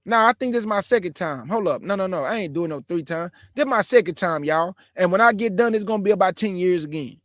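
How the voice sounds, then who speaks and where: A man's voice: sits high, animated, fast, few pauses, a bit bright, no room sound, studio quality. A man in his forties giving a casual, emphatic preaching talk as a caller in an online religious discussion, calling his listeners bro and y'all. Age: 40s.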